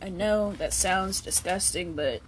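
Slow, easygoing woman host. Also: lowish voice, slight background noise. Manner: slangy, swears, many "like" fillers. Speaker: podcast host. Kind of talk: casual storytelling.

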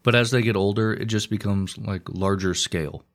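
A man's voice: on the low side, steady tone, normal speed. A man co-hosting a casual podcast, chatting in wry, rambling asides. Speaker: podcast co-host. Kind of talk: casual chat.

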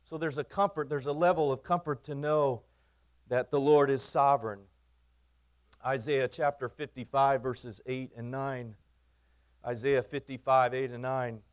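An earnest pastor preaches a sermon in his church, his voice sitting at a middle pitch. He repeats phrases for emphasis and swings between loud appeals and hushed asides. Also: fairly even intonation, unhurried.

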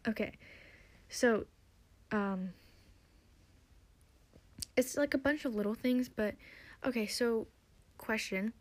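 A young woman hosting a podcast, recapping and theorizing in a chatty, excitable way with lots of fillers. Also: fairly high pitch, slow, pauses often, no room sound. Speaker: podcast host.

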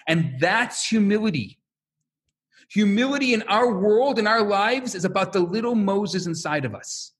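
Animated male religious teacher, high-pitched, storyteller. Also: normal speed. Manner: storytelling, acting out voices, rhetorical questions. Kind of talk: animated sermon-style lesson.

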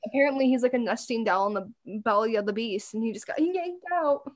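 A woman with a high voice co-hosts a casual podcast recap. She talks bluntly, with sarcasm and plenty of swearing, mocking the characters as she goes. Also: animated, a little fast. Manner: blunt, profane, sarcastic retelling. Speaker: podcast co-host.

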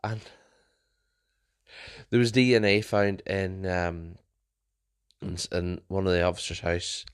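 Man, young, fairly low voice, chatty podcast host, rambling with restarts. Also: slow, pauses often, clear, resonant tone. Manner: chatty storyteller, frequent restarts and self-corrections. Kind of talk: casual rambling monologue.

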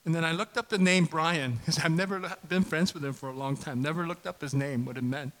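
A middle-aged man preaching a casual sermon in a church, chatty and self-deprecating, bursting into loud impassioned preaching when he gets going. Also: fairly high pitch, fairly even intonation, fairly quick, rough recording. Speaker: pastor. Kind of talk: conversational sermon.

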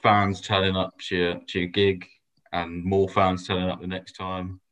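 A man in his twenties with a very deep voice speaks thoughtfully about his band. He hesitates and restarts, keeping a soft, unhurried tone. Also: completely flat delivery, rough recording. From England. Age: 20s. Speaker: band member. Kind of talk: casual interview chat.

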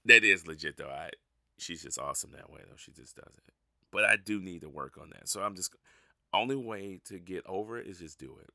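A man with a very low, gravelly voice talks through a casual solo podcast. His tone is bright and forceful, and he keeps laughing at himself. The sound is close and dry. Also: animated, a little fast, no echo. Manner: rambling, self-mocking, laughs at his own stories. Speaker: podcast host.

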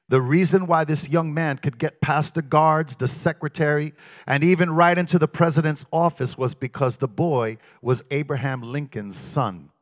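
A man's voice: sits high, fairly bright tone. A man preaching a sermon in a sing-song cadence, breaking often into exclamations of praise.

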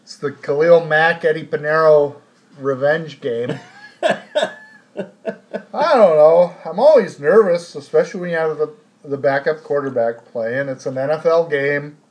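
A man co-hosts a sports podcast, chatting casually and ranting in a profane, sarcastic way with plenty of swearing. His voice is fairly high in pitch and measured in pace.

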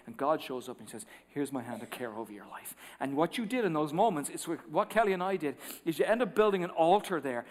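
Male pastor, higher-pitched voice, animated storyteller who drops to hushed asides, sanctuary reverb. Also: quick pace, hardly any pauses. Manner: animated storytelling, acting out quotes, swings from loud to hushed. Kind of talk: sermon. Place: large church sanctuary. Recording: long reverb of a large hall.

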